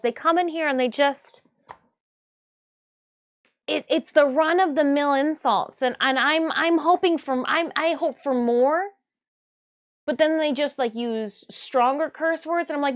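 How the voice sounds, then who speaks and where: High-voiced, unhurried woman livestreamer. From Michigan. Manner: rambling, self-interrupting, laughs often. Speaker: livestreaming artist and host. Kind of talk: casual livestream chat.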